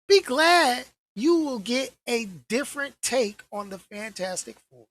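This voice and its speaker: A man hosting his own channel, ranting casually to camera in an animated, slangy way and repeating phrases for emphasis. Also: sits high. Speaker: channel host.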